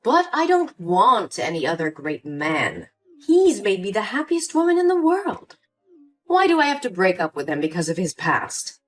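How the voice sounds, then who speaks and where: Over soft background music, a woman voices a calculating older mother in a scripted drama, starting sweet before turning cold and dismissive. Her mid-range voice swings widely in pitch at a moderate pace and stays close to an everyday voice.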